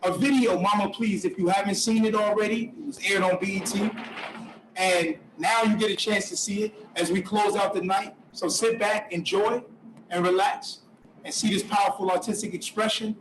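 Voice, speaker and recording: A man's voice: high-pitched, fairly even intonation, normal speed. Earnest guy host wrapping up the night, kinda echoey room, faint hum behind. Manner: earnest, appealing to donors. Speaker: event host. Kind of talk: closing remarks. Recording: roomy, distant, faint noise.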